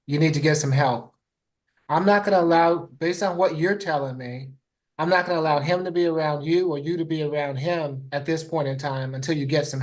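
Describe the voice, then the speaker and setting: A man acting as judge delivers a ruling in a courtroom. He speaks in a measured, formal way with small hesitations, his voice pitched somewhat high for a man. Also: rough recording.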